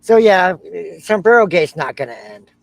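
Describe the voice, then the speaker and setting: A man's voice: high voice, big pitch swings, moderate pace, no room sound. A man co-hosting a reaction show, chatting casually and joking, humming to himself while he searches for clips.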